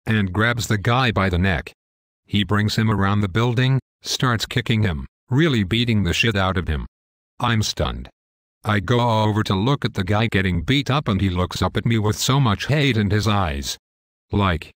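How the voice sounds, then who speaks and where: A man's voice: lowish voice, expressive, normal speed, no room sound, studio quality. A young man telling a wild story in a casual, profane, matter-of-fact way. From United States. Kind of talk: casual scripted story narration.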